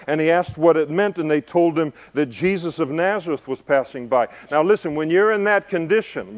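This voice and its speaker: A male pastor preaching in a loose, conversational way, his voice sitting a touch high. He tosses in joking asides, rises to forceful emphasis, then settles back down to quiet. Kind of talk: expository sermon to a congregation.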